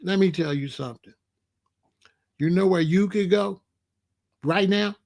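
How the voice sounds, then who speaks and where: A man's voice: high-pitched, measured pace, creaky, darkish tone. A man in his sixties talking casually on a livestream, answering chat in a blunt, emphatic way and often repeating himself. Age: 60s. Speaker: host.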